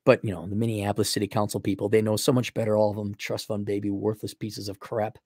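A man's voice: fairly low pitch, level tone, fast talker, a little mellow, no room sound. Blunt, rambling man on a dry mic. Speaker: livestream host. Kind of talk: casual opinionated monologue.

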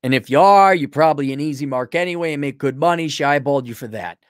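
A man's voice: quick pace, smooth, dry recording, studio quality. A man hosting an advice show, giving blunt, mocking advice in a brash rant. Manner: brash and mocking, lively swoops in pitch.

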